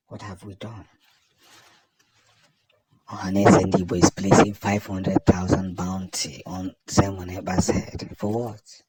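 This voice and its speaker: A man with a Nigerian accent giving impassioned political commentary, emphatic and repetitive, building up to loud declarations. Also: low voice, level tone, slow pace, slight background noise.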